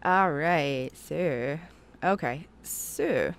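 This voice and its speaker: A woman's voice: sits low, animated, very slow, creaky, smooth. A woman hosting a casual game livestream, chatting with viewers, giggling often and telling jokes. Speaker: streamer host.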